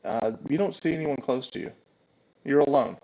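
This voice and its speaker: A man's voice: medium pitch, expressive, moderate pace, vocal fry, dark tone, highs cut off. A man narrating a tabletop game as game master, with many ums and uhs. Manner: hesitant, filler-heavy narration.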